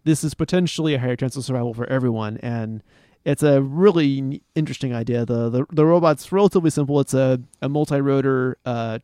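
Halting, laughing man on a dry mic. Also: medium pitch, mellow, dry recording. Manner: halting, many restarts, laughs often. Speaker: podcast co-host. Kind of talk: casual chat.

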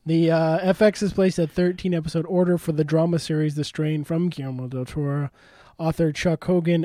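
A man's voice: on the high side, mellow, dry recording. A man co-hosting a casual podcast, reading news items and adding playful interjections. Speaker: podcast co-host.

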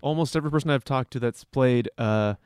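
Man tossing in quick quips. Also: mid-range voice, a little mellow, clean tone, no echo, studio quality. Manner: brief backchannel, quick quips. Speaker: co-host. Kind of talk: casual chat.

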